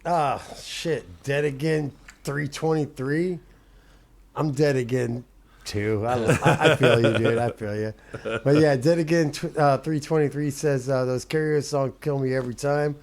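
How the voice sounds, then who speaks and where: A man's voice: medium pitch, unhurried, darkish tone. A man co-hosting a podcast, easygoing and profane as he reads out listener comments. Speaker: podcast co-host. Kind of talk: casual podcast chat.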